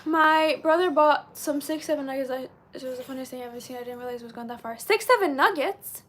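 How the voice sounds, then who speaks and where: Bubbly high-voiced woman streaming live. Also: little pitch movement. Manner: chatty and bubbly, says she talks very fast. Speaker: livestream host. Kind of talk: casual live-stream chat, reading comments.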